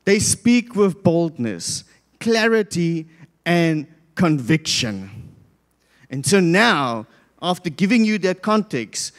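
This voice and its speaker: High-voiced South African pastor preaching. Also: male voice, big pitch swings, slow. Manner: storytelling preacher, acts out the crowd's voices. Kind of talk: sermon. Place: church hall. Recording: long church hall reverb.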